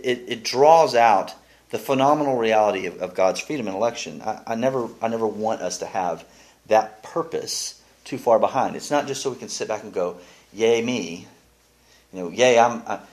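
Male Bible teacher, casual and animated, lively swinging pitch. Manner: animated, restarts often, reads scripture aloud.

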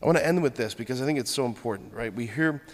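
A man preaching a sermon, earnest and steady, building his points through rhythmic lists. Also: mid-range voice, fast talker. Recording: long hall reverb.

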